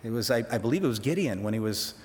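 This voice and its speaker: A man's voice: mid-range voice, expressive, quick pace, big-room sound. A man teaching through a Bible passage in a conversational sermon, with folksy asides to his listeners.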